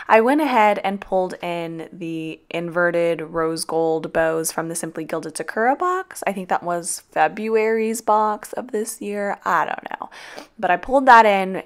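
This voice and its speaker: A woman talks through a casual vlog voiceover. Her voice sits on the low side and sounds groggy, as she has just woken up. She is chatty and loose, saying y'all and dropping the occasional swear word. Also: unhurried. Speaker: planner vlogger.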